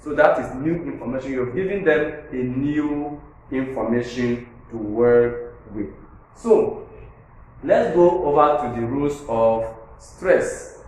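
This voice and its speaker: A man's voice: medium pitch, slow pace, darkish tone. Man, Nigerian English accent, teacher, repetitive explaining, very echoey room. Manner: repetitive, checks understanding, counts syllables aloud. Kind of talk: classroom grammar lesson. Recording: echoey room with faint noise.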